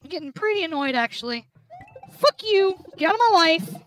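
A woman host playing a video game while drinking, swearing loudly at the game and muttering complaints between outbursts. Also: extremely high pitch, expressive, a little fast. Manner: loud cursing outbursts at the game; grumbling under her breath between outbursts. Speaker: gaming channel host. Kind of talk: let's play commentary while drinking. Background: game music.

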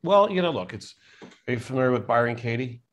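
A man's voice: mid-range voice, very animated, moderate pace, highs cut off, slight background noise. A man hosts a podcast interview and asks his guest reflective, probing questions. His voice sits in a middle register. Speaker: podcast host.

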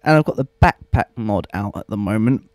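A man's voice: on the low side, lively intonation, brisk, a little mellow, no echo. A young man giving rambling, self-mocking gameplay commentary and swearing freely. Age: young adult. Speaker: let's play host.

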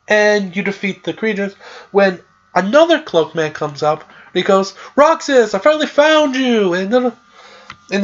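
Over dull-sounding audio, a medium-pitched podcast host rambles through a recap of a game's plot. The delivery is loose and chatty, full of "like" and "uh."

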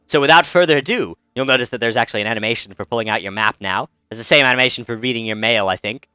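A man's voice: medium pitch, racing, pushed and bright, clear, resonant tone, no echo, studio quality. A man hosting a let's-play, chatting casually and rambling through commentary with many fillers and restarts. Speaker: game let's-play host.

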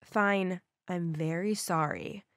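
A woman voicing a sarcastic teenage bully girl in an animated story, with a mocking manner. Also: on the high side, unhurried, dry recording, clean studio sound. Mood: sulky.

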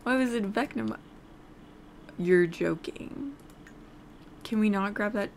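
A woman's voice: medium pitch, slow, pauses often, a little hiss or hum. A woman hosting a casual let's play, chatting while she plays and talking to the characters in the game. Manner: chatty, easily distracted, talks to the game characters. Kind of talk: casual gameplay commentary.

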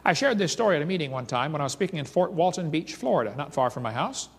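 A man giving a seminar lecture, telling stories in an animated way and reading accounts aloud. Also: on the high side, quick pace, gravelly, husky. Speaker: creationist seminar speaker. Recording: reverberant lecture hall.

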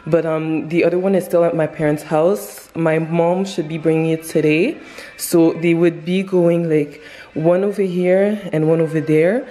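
A woman's voice: sits low, darkish tone. Chatty young woman vlogging at home. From Canada. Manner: chatty, rambling, says "girl" and "like". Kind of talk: casual vlog chat.

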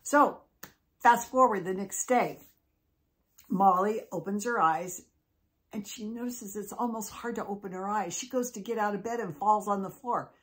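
A woman storyteller narrating in an animated, conversational way. She talks as if she were chatting with listeners, and her voice sits at an ordinary middle pitch. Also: moderate pace. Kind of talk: telling an original story.

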